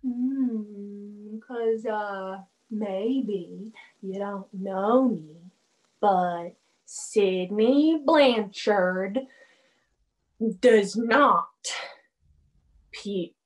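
A woman plays a drunk young woman from Georgia, her Southern drawl slow and slurred. She is prickly and smug, and her high voice swings widely as she lingers over every word. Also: sing-song, a bit bright, heavily acted, poor audio. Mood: tipsy smug. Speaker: actor. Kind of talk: amateur drama over video call.

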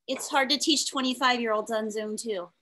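A woman's voice: a little high, normal speed, pushed and bright. A woman teacher moderating a panel on a video call, upbeat and chatty.

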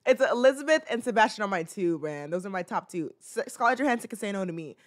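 A woman's voice: medium pitch, expressive, fast talker. A woman chats casually as a show host, reacting to a clip. She rambles, restarts her sentences and acts out playful little scenes. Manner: rambling, chatty, many fillers and restarts.

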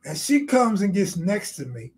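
A man's voice: sits high, very animated, normal speed, darkish tone. A middle-aged man hosting a live stream, telling rambling, profane stories in casual slang and stopping to answer viewer comments. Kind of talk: casual freestyle storytelling.

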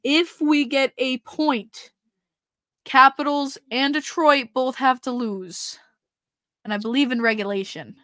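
A woman co-hosting a hockey podcast in casual chat, excitable and laughing often. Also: sits high, slow pace, no echo, clean studio sound. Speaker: podcast co-host.

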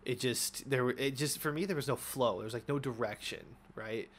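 A young man giving casual, excitable commentary over his own gameplay, swearing often and trash-talking opponents. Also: mid-range voice, a little fast, slight background noise. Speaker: gaming YouTuber.

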